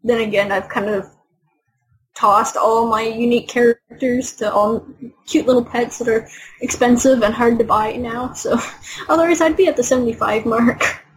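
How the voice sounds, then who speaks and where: Chatty woman co-host, slightly higher voice. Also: moderate pace, low-quality recording. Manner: relaxed and chatty, laughs along. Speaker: podcast co-host. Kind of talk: casual chat.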